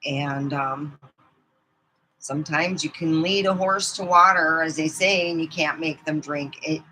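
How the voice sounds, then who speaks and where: A woman's voice: deep voice, fairly even intonation, unhurried, pushed and bright, slight background noise, low-quality recording. A middle-aged woman telling rambling personal stories in a casual vlog, laughing often as she goes. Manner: rambling, chatty, laughs often mid-story. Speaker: vlogger.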